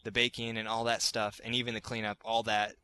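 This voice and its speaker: Bright-voiced man hosting a casual podcast. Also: lowish voice, level tone, brisk, clear, resonant tone. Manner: rambling, restarts sentences often. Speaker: podcast host.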